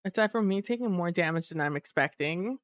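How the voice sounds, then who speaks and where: A woman streaming a game live, chatting casually with her viewers while she plays, sleepy and relaxed. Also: lowish voice, brisk, dry recording. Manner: relaxed, chatty, muses aloud to chat. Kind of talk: casual live gameplay chat.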